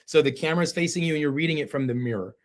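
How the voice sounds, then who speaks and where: A man's voice: on the high side, racing. A man coaching viewers in a casual live-streamed tutorial, talking them through his video setup and calling them guys. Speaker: real estate video coach.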